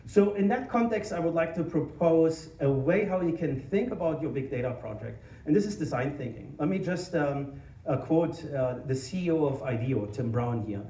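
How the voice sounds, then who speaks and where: A man's voice: a little high, normal speed, recorded from a distance. German-accented man speaking in an echoey hall. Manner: energetic, informal, self-deprecating, many restarts. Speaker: conference speaker. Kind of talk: tech conference talk. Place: conference hall. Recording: echoey hall, mic from afar.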